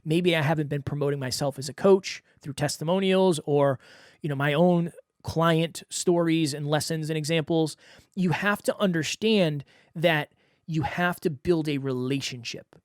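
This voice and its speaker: Podcast host, male, higher voice, earnest coaching tone, dry close sound. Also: normal speed, no room sound. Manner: earnest, coaching, talks straight to the listener. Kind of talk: solo podcast talk.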